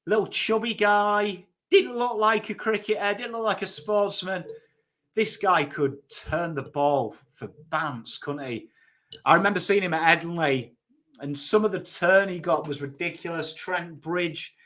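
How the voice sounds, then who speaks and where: A Yorkshireman in his thirties who makes cricket videos on YouTube talks about the game in a casual, enthusiastic chat, blunt and somewhat sweary. His voice sits high, with an unhurried pace and a sharp tone, and he hails from Northern England.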